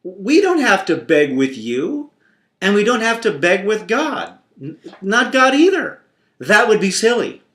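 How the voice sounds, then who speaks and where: A man voicing his young daughter calmly explaining something to her father. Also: high voice, unhurried, roomy sound, voice pushed up, exaggerated voice. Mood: matter-of-fact.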